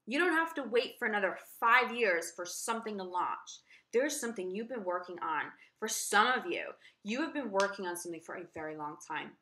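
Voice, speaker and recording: A woman with a medium-pitched, pushed, bright voice gives a tarot reading to the camera. She's spiritual and effusive, addressing the viewer directly and with emphasis.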